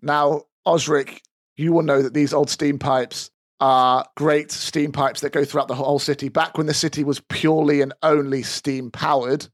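A man's voice: fairly high pitch, flat delivery, normal speed, dry recording, clean studio sound. A man voicing a secretive, dramatic male mousefolk informant in a tabletop game, talking in a theatrical, conspiratorial way.

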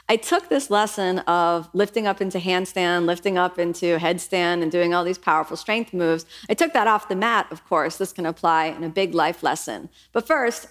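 A middle-aged woman yoga teacher who speaks earnestly and reflectively, lifting into lively voices when she quotes herself. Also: medium pitch. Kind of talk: reflective podcast monologue.

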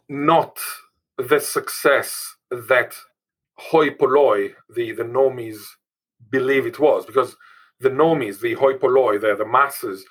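A man's voice: mid-range voice, a bit bright, slightly rough, low-quality recording. A man from Israel, a linguist guest, talking emphatically and restating his points. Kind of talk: emphatic interview talk.

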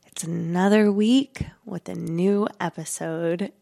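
A woman's voice: medium pitch, unhurried. A young adult woman hosting her podcast in a casual monologue, talking through a stuffy nose and slightly out of breath, rambling with lots of "like" and "you know". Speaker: podcast host.

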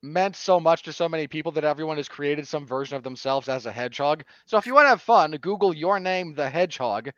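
A man's voice: fairly high pitch, expressive, quick pace, few pauses, a bit bright, no echo, dull audio. A man in his thirties co-hosting a movie-review podcast, dry and sardonic, given to teasing. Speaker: podcast co-host. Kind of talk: casual movie-review chat.

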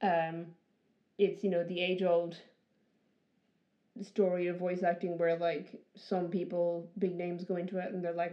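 A woman's voice: on the low side, level tone, unhurried, muffled recording. A woman co-hosting a podcast, talking casually with many fillers and frequent laughter. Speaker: podcast co-host. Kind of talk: casual chat.

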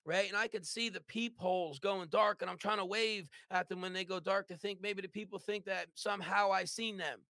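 A man telling his comeback story as a podcast guest, voice high and bright for a man. He talks in lively bursts, tagging nearly every line with a quick "right?" The sound is close and dry, with no room around it. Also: vocal fry, no room sound. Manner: animated, tags lines with "right?". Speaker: business owner guest. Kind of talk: storytelling in an interview.

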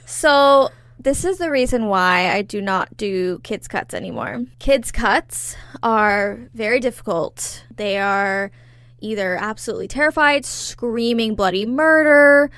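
A woman's voice: fairly high pitch, measured pace, fairly bright tone, no echo. A young woman who works as a hairstylist, co-hosting a podcast in blunt, riled-up casual chat.

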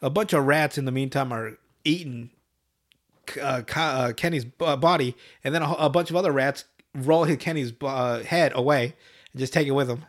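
A man's voice: medium pitch, moderate pace. Laughing, foul-mouthed man recapping a cartoon. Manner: loose and profane, laughing often. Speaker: podcast host. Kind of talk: casual chat recapping a cartoon episode.

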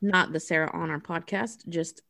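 A woman's voice: fairly low pitch, steady tone, normal speed, creaky, sharp tone. A woman hosting a podcast, recapping a movie in a chatty, sarcastic way with lots of swearing. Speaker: podcast host. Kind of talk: casual chat recapping a movie.

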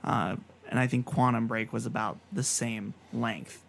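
A man's voice: medium pitch, fairly even intonation, creaky, fairly bright tone, slight background noise. A man hosting a casual gaming podcast, running through news items in a chatty way. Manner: reads news items rapid fire, chatty. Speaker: podcast host. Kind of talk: casual chat.

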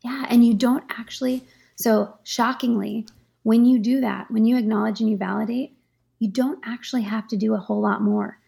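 A woman, a guest author and life coach, explaining ideas in a relaxed, practical interview style with frequent fillers. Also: on the high side, normal speed, creaky, slightly rough. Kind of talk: conversational interview.

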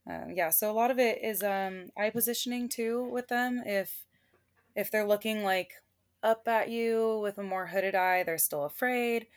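Young woman guest on a podcast, casual and giggly, average pitch, speaks with lots of fillers. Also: a little slow, smooth, no echo, studio quality. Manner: chatty, laughs often, frequent fillers. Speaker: guest, veterinary technician and animal communicator.

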